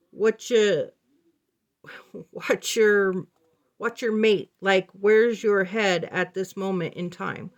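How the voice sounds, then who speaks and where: A woman voicing a manic, crude young man on the phone who talks loudly, drawls and rambles from joke to joke. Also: medium pitch, lightly acted. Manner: loud, rambling, jokey, drawn-out delivery.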